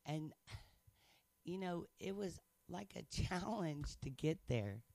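Gravelly man, chatty and laughing. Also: a little high, expressive, takes it slowly, darkish tone, dry recording. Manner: chatty, laughs often, earnest and playful. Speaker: guest sharing a faith testimony. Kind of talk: casual testimony chat.

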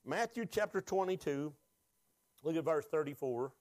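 A man's voice: a little high, animated, normal speed, a little mellow, dry recording. A pastor preaching a sermon, asking the congregation questions and rising with emotion as he is moved.

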